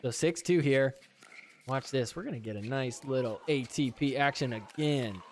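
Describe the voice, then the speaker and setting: A man hosting a podcast, giving chatty, wisecracking commentary over match footage and getting excited on big plays. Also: medium pitch, normal speed, slight background noise. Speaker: podcast host.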